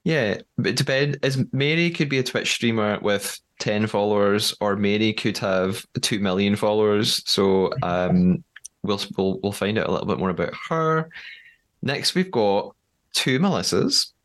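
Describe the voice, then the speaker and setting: A man with a fairly low voice hosts a podcast in a loose, chatty way. He laughs easily and fills pauses with "uh" and "um". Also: fairly bright tone. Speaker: podcast host. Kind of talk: casual podcast chat.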